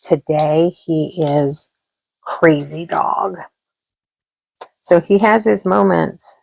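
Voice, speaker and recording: A woman's voice: low-pitched, extremely slow, vocal fry, a little mellow, no echo. A middle-aged woman telling a rambling story at home in a casual, chatty way, quoting other people as she goes. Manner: chatty, rambling, with laughs and quoted dialogue. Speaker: craft vlogger. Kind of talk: casual storytelling while crafting.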